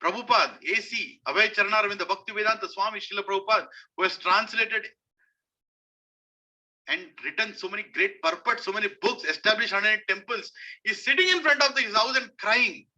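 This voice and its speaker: High, bright-voiced Indian man preaching. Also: fairly quick, rough recording. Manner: emphatic, repeats key phrases. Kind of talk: devotional sermon to a congregation.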